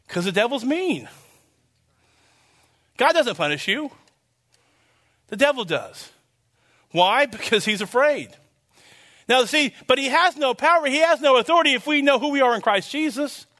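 A man's voice: very high-pitched, animated, moderate pace, long pauses, bright, forceful tone. A man preaching a conversational sermon, earnest and rambling, full of restarts and fillers, building to emphatic declarations. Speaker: pastor.

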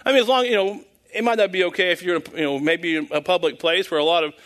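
High-voiced folksy man preaching. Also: fast, fairly bright tone. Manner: rambling, folksy, chuckles at own jokes. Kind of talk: informal sermon.

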